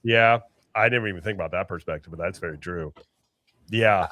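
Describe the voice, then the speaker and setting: A man's voice: sits low, fairly quick, pushed and bright, slight background noise. A man hosting a casual livestream podcast, chatty, often restarting and correcting himself. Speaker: podcast host. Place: home, late at night.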